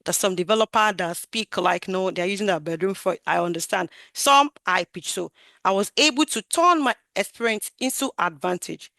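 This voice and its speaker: A woman gives an animated, emphatic talk over a video call about growing her career as a QA tester, raising and lowering her voice for emphasis. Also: moderate pace, creaky, no room sound. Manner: animated, emphatic, varies her loudness and projection. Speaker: QA tester sharing career story. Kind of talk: talk on a webinar.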